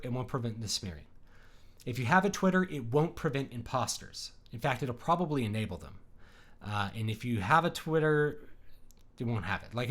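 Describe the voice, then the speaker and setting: A man of ordinary, middling pitch hosts a casual livestream. He talks in a loose, rambling way, full of ums and restarts, as he answers viewer messages. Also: a bit bright. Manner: rambling, conversational, many fillers. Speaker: livestream host.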